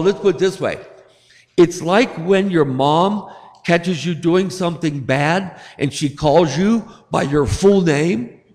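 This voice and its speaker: A male pastor giving a sermon, telling stories and acting out voices with rising emphasis. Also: on the high side. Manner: storytelling preacher, acts out voices with rising emphasis. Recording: long hall reverb.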